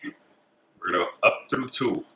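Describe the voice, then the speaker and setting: A man calmly talking through each step of a craft tutorial as he works with his hands. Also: lowish voice, measured pace. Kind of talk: step-by-step instruction. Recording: echoey room.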